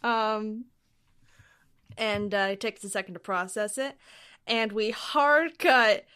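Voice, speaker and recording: A woman's voice: mid-range voice, takes it slowly, bright, forceful tone, clean tone. A woman co-hosting a podcast, casually recapping a comic chapter. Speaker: podcast co-host.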